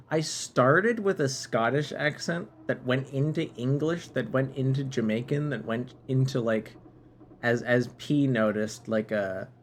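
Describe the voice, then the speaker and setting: A man's voice: mid-range voice, slight background noise. A man streaming a game live, musing aloud and bantering playfully with viewers.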